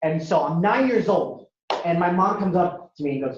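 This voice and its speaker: A young man from Ohio telling stories as a stand-up speaker, acting out characters with sudden jumps in pitch. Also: animated, normal speed, background noise. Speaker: comedian and speaker. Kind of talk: storytelling stand-up talk to an audience. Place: university lecture hall. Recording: echoey hall, dull lo-fi sound.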